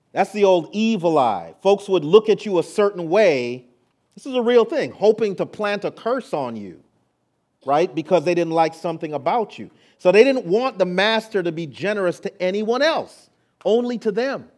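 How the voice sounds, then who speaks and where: A male pastor preaching a sermon, moving between hushed, intimate lines and rising, emphatic ones. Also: fairly high pitch, expressive, normal speed.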